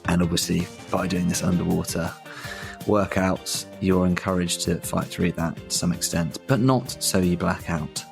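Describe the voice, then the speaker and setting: A man hosting a podcast in casual chat, hesitant, with many fillers, and quick to laugh. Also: low-pitched, fairly even intonation, creaky, over music. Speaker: podcast host.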